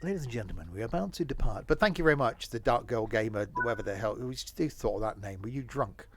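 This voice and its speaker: A man's voice: medium pitch, expressive, fast talker. Guy playing train sim on stream, goofy announcements, voice swings all over, bit of hiss. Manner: chatty, silly, jokey asides. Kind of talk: casual live-stream chat with mock announcements.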